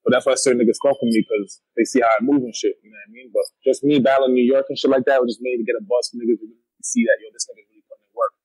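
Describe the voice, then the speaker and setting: Brief: young Toronto battle rapper, quick husky delivery, blunt street slang, dry close sound. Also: male voice, medium pitch, steady tone, a little mellow, no echo, low-quality recording. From Canada. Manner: streetwise, blunt, frequent slang and "you know what I mean". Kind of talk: casual interview talk.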